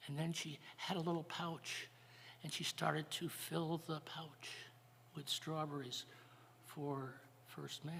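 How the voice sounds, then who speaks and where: Gravelly older man telling a story in church. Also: on the high side, bright, forceful tone, a little hiss or hum. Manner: folksy, halting, with fillers and repeats. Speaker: radio host of a church jazz service. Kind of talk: storytelling and announcements at a live church broadcast. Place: church sanctuary. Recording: live church broadcast with long reverb.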